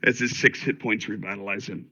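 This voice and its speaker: A man playing in an online tabletop game, talking casually and bursting into loud enthusiasm. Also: on the low side, steady tone, a little fast, no echo, highs cut off. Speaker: player.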